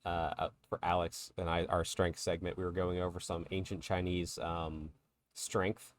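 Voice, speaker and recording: A man's voice: deep voice, flat delivery, moderate pace, no room sound. A man co-hosting a podcast, talking casually and chattily about tabletop miniatures and laughing along with his co-host. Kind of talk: casual chat.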